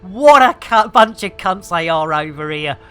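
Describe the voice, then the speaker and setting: A man's voice: high voice, lively intonation, a little slow, pushed and bright, faint music behind. A middle-aged man with an English accent chatting casually and animatedly while streaming, swearing freely and ranting. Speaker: game streamer.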